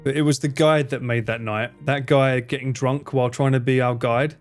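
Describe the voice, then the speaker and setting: A man's voice: mid-range voice, fairly even intonation, moderate pace, soft background music. An English man chatting casually on a live stream while gaming, swearing freely and laughing often. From England.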